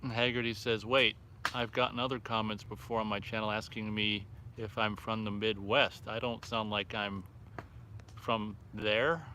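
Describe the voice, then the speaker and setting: A man's voice: lowish voice, flat delivery, moderate pace, pushed and bright, slight background noise. A man hosting a casual live stream outdoors by a fire at night, reading viewer comments aloud and reacting offhandedly. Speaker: livestream host reading chat.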